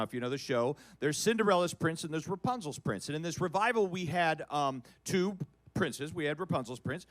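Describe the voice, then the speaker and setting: A middle-aged man telling a comic story on a cabaret stage, animated and building to loud shouts. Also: a little high, dry recording. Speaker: guest performer.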